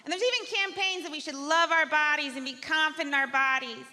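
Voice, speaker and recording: A woman performing a stand-up set with a dry, deadpan observational delivery. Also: high voice, a little fast. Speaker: stand-up comedian.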